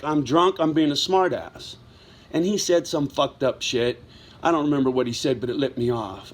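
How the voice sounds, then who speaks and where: A man's voice: on the high side, moderate pace. Profane, wound-up middle-aged man. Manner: profane, blunt, wound-up storytelling. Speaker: vlogger. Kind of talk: casual storytelling monologue.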